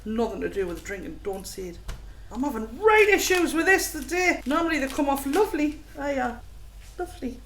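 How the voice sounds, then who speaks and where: A woman's voice: high voice, very animated, brisk, fairly bright tone. A woman hosting a casual home cooking vlog, chatty and self-mocking with frequent giggles. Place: home kitchen. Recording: echoey room, noisy background.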